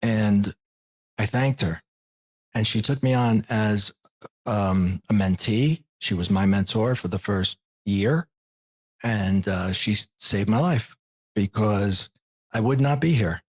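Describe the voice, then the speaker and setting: A man in his forties, a podcast guest, candidly retelling a personal story with lots of quoted dialogue in a husky voice. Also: on the low side, slow. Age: 40s. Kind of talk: storytelling in an interview.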